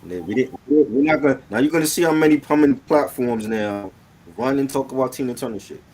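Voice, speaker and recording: A man's voice: medium pitch, brisk, a little mellow. A man co-hosting a casual live stream, chiming in with short, emphatic remarks. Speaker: co-host.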